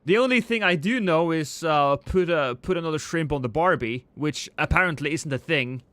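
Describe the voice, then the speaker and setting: A man's voice: fairly high pitch, normal speed, a bit bright, no room sound. A man streaming a game live, chatting with viewers in a rambling, joking, self-deprecating way.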